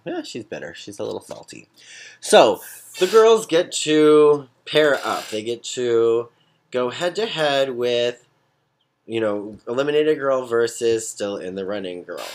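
A man's voice: mid-range voice, very animated, unhurried. A man giving a casual, gossipy recap of a reality competition, with sassy asides.

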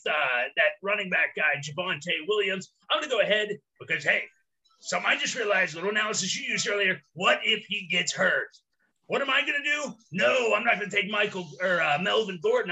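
A man co-hosting a casual podcast, joking around and bursting into loud, hammy announcer calls. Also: sits high. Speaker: podcast co-host.

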